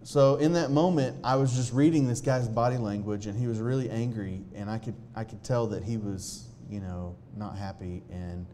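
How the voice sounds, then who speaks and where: A man's voice: fairly low pitch, fairly even intonation, dark tone, a little hiss or hum. Earnest man telling a personal story. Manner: earnest, halting with restarts, occasional laughs. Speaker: speaker sharing a personal testimony. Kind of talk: storytelling testimony to an audience.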